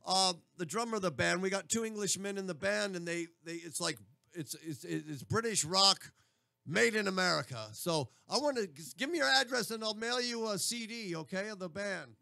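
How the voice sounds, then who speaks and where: A man's voice: sits high, normal speed, vocal fry, bright, forceful tone, no room sound, studio quality. A man hosting a radio show, chatting casually with a caller, with a friendly, stammering manner. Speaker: radio host.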